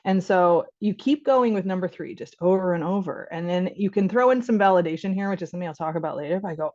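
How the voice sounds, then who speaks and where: A woman's voice: mid-range voice, fast talker, few pauses, a little mellow, dry recording, muffled recording. A woman physician giving an online training workshop for caregivers, talking conversationally and acting out short exchanges, often laughing. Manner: conversational, acts out child and parent voices, laughs often.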